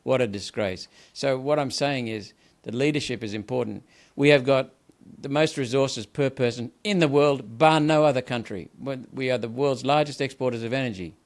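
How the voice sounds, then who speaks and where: This older Australian man speaks in a rough, gravelly voice. He pushes his arguments with heavy emphasis, stumbles into repeated words, and keeps going without a break. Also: mid-range voice, moderate pace, hardly any pauses. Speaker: senator, guest. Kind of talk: impassioned political interview.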